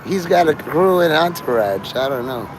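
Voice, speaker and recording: A man's voice: a little high, expressive, moderate pace, background noise. A man rambling and swearing on a live stream from a city street, talking to his chat in a strained voice he says is normal for him. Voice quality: gravelly, strained voice he calls his normal one. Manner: rambling, profane, free-associating, talks to chat. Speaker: livestreamer.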